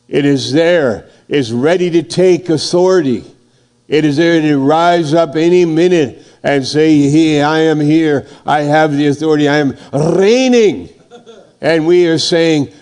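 Male preacher, gravelly, unhurried, emphatic sermon delivery. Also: medium pitch, darkish tone. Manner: slow, emphatic preaching, voice swelling and dropping.

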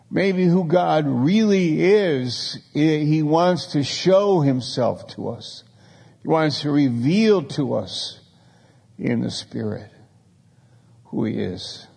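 A man's voice: mid-range voice, gravelly, warm tone, slightly rough, long reverb tail. A man preaching a sermon, telling stories in a conversational way and acting out the people in them. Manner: storytelling, conversational preaching with acted quotes. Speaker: pastor.

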